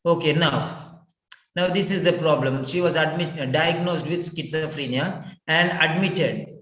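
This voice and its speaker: Slow, echoey male writing teacher. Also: a little high, fairly bright tone. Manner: slow, repetitive, spells words out letter by letter. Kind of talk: online exam-prep lesson. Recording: echoey room.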